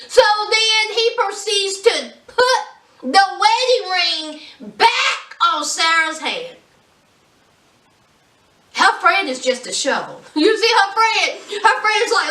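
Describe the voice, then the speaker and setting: A sassy woman, talking high and bright as she recaps a reality show for her channel. She is animated and plays out each person she quotes. Her voice rings in an echoey room, a little off the mic. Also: measured pace, recorded from a distance. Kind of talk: casual chat.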